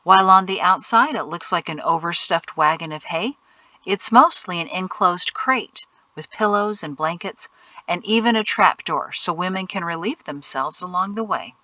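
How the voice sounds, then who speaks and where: A woman reading an audiobook, voicing a calm, capable man who guides a family and gives steady instructions. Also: on the low side, moderate pace, no echo, low-quality recording. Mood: explaining.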